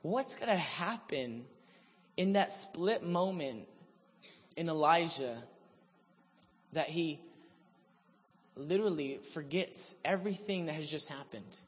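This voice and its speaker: A man preaching a sermon, telling the story in an animated, humorous way. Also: a little high, takes it slowly, long pauses, in a large hall.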